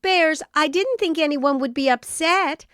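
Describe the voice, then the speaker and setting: A sheepish, apologetic little girl from a children's storybook, played by a woman. The voice climbs high above her usual tone and pleads brightly and earnestly. It is recorded close and dry. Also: unhurried, no room sound.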